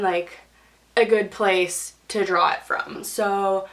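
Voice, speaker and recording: A young woman tells a story to camera in a relaxed vlog style, her voice sitting in an ordinary middle pitch. She talks in a chatty stream full of "like" and jumps into a higher voice when she acts out what people said. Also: slow. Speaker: YouTube storyteller.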